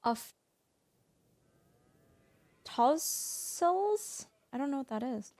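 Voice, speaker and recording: A woman's voice: on the high side, animated, moderate pace, dry recording. A woman streaming a farming game, chatting casually and playfully teasing her viewers. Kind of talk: casual live-stream chat while gaming.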